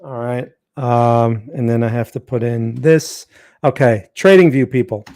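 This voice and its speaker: A man's voice: mid-range voice, a little slow, a little mellow. A man hosting a live trading stream, chatting casually, greeting viewers by name, with frequent fillers and restarts.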